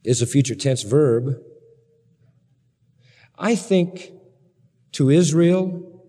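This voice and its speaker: A man preaching a sermon to a congregation, emphatic and building to excited peaks. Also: medium pitch, very slow, in a large hall. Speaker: pastor.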